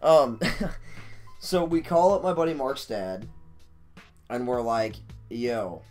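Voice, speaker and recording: A man's voice: medium pitch, expressive, takes it slowly, a little mellow, soft background music. Profane, rambling male storyteller. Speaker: streamer. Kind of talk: casual storytelling.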